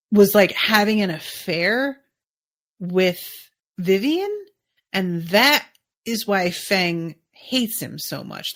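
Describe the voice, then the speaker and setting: A woman's voice: medium pitch, a bit bright. A woman hosting a podcast, chatting casually through an episode recap, musing and thinking aloud with lots of fillers. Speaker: podcast host.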